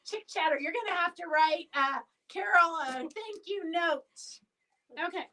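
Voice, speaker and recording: Woman, shop owner, live sale host, high voice, bright tone, rambling chatty calls, a bit distant from the mic. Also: unhurried. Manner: chatty, rambling, calling out winners' names. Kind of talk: live sale stream, casual chat and auction calling. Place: indoor fabric shop.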